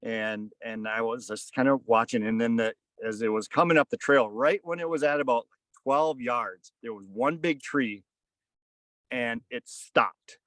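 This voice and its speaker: A man's voice: medium pitch, a little slow, fairly bright tone, dry recording. A man in his thirties or forties, a podcast guest, telling a casual story in a rambling way full of "kinda" and "like.". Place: on a fishing boat.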